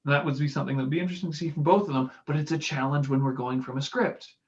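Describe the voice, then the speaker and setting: Male speaking coach, gravelly voice, a bit high, breaks down delivery casually, acts out quick examples, dull lo-fi audio. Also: steady tone. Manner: demonstrates delivery with acted example lines. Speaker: speaking coach commenting on clips. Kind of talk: casual analytical commentary.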